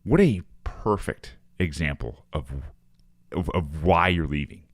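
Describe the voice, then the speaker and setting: A man co-hosting a podcast in casual political chat, animated and often repeating words as he gets going. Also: very deep voice, unhurried, dry recording, clean studio sound. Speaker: podcast co-host.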